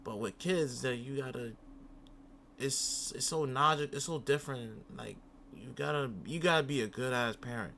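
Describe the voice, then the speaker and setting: A man's voice: mid-range voice, moderate pace, creaky, a bit bright, a little hiss or hum. A young man hosting a reaction channel, talking casually in a rambling way, often repeating himself and swearing.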